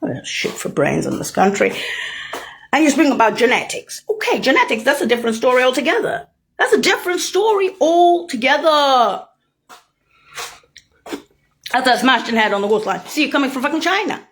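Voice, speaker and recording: A woman in a profane, rambling rant, mocking and swearing heavily, jumping between loud outbursts and low muttering. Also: very animated, a little fast, a little hiss or hum.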